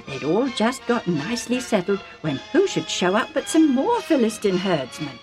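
A woman narrating a storybook for children, chatty and warm, with asides to the listener. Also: medium pitch, very animated, normal speed, over music.

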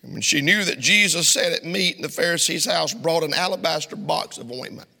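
A man's voice: fairly high pitch, vocal fry, pushed and bright. A middle-aged man preaching a sermon to his congregation in a church, impassioned and full of rhetorical questions. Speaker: pastor. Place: church sanctuary. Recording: long reverb of a church hall.

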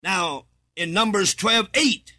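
A man preaching a sermon from the United States, reading scripture in a half-chanted way and rising to shouts for emphasis. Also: high-pitched, animated, takes it slowly.

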